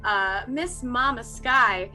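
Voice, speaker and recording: A woman player describing a character in a measured tone. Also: on the high side, sharp tone, faint music behind.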